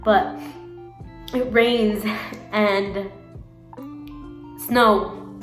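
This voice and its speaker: A woman's voice: medium pitch, extremely slow, long pauses. A young-sounding woman talks to her camera in a loose, rambling way, laughing at herself and restarting her sentences. Her mid-range voice sits in a roomy, echoing space, with faint guitar music underneath. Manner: rambling, giggly, self-correcting, many fillers. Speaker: vlogger. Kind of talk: casual chat to camera.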